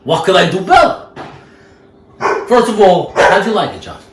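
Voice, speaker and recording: A man's voice: high voice, very animated, normal speed, background noise. A man chatting casually in a rambling, self-amused way while cooking at home. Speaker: home cook vlogger. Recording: echoey room.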